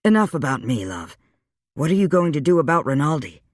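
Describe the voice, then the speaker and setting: A man voicing a weary, wry male vampire, speaking low and subdued in a dry audiobook reading. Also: big pitch swings, a little fast, dry recording. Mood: steady.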